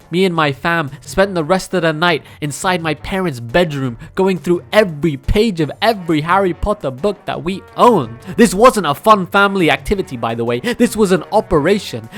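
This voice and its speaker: A young man telling a comedic story about himself, animated and mocking, slipping into silly voices. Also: fairly high pitch.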